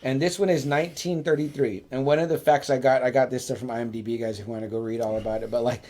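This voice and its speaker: A man hosting a casual podcast, chatting about old movies in an animated, profane way. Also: medium pitch. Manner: animated, profane, acts out scenes in quick voices. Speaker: podcast host. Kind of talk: casual movie-review chat.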